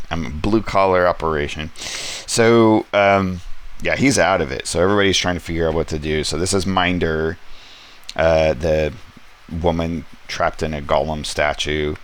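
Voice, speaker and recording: A man's voice: a bass voice, a bit bright, a little hiss or hum. A man casually reviewing a comic book from his home studio, rambling with many ums and light character quotes. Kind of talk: casual comic review, paging through an issue.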